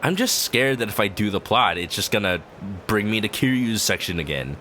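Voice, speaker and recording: A man's voice: lowish voice, big pitch swings, fairly quick, bright, forceful tone, slight background noise. A man streaming a video game, chatting casually in a rambling way full of "like" fillers. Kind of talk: casual chat while playing a video game. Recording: clear game music underneath. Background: game music.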